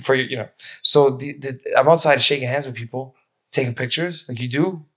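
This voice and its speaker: A man's voice: medium pitch, moderate pace, husky. A man hosting a podcast, telling stories in casual chat, swearing freely and acting out other people's voices. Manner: animated storyteller, swears a lot, acts out voices. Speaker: podcast host.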